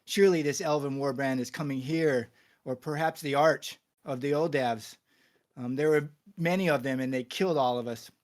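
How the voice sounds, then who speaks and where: A man voicing a wounded male messenger who tells his story in a hurried, anxious way. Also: mid-range voice, lightly acted. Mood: frightened.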